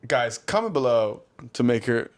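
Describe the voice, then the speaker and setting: A man's voice: mid-range voice, moderate pace. Young guy podcast cohost, rambly casual chat, voice bouncing all over the place. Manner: rambling, animated, loose storytelling. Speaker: podcast co-host.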